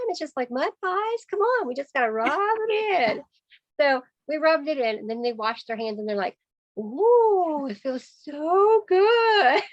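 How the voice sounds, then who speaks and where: A woman sales consultant, telling a lively story on a video call, acting out voices and laughing often. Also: on the high side, dry recording, lo-fi sound.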